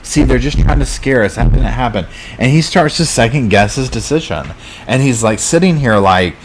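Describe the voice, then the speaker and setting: A true crime channel host recaps a docuseries in a live chat, retelling the case casually with plenty of fillers and acted-out quotes. His mid-range voice is expressive and moderately paced, with slight background noise.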